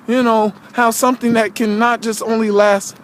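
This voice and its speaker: A man's voice: extremely high pitch, flat delivery, normal speed, a little hiss or hum. A man giving a casual, rambling preaching monologue to his viewers, full of rhetorical questions and "you know what I'm saying.".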